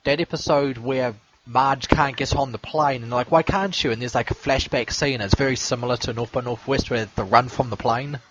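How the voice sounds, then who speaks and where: A man's voice: mid-range voice, fairly even intonation, brisk, a bit bright, highs cut off, a little hiss or hum. A man co-hosting a casual podcast, trading dry, sarcastic comebacks. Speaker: podcast co-host. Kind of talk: casual chat.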